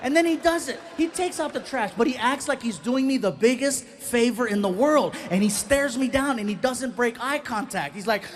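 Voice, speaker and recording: A middle-aged comedian with a very high voice tells animated stand-up stories and acts out the voices in them. A faint hum sits behind him on stage. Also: male voice. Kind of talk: stand-up storytelling. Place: live stage.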